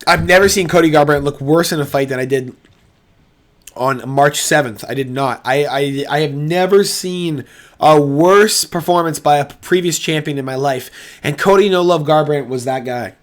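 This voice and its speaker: Excitable, profane young man ranting. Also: a little high, moderate pace. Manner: profane, excitable, swings from loud outbursts to muttering. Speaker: MMA reaction host. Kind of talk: casual fight breakdown monologue.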